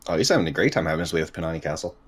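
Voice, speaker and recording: A man's voice: extremely low pitch, lively intonation, rapid-fire. A man playing in a tabletop game, making dry jokes about his character. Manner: dry joking. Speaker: player.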